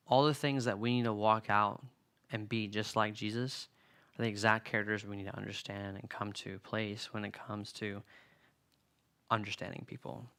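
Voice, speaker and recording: A man's voice: lowish voice, creaky, bright, forceful tone, clean tone. A young man preaching in a casual, earnest way who often acts out the lines of everyday arguments. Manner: earnest, conversational, acts out quoted dialogue. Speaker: youth preacher. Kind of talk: sermon-style teaching on a book.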